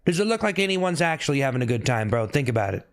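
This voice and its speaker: A man's voice: mid-range voice, sing-song, fast talker. Man teasing his chat on a livestream. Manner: teasing, repeats himself, calls out chat names. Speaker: livestream host. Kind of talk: casual livestream chat with viewers.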